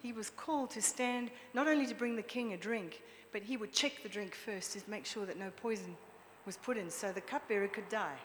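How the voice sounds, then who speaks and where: A woman preacher giving a lively, chatty sermon, drawing the congregation in with questions. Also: mid-range voice, fairly quick, few pauses. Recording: long reverb with faint background noise.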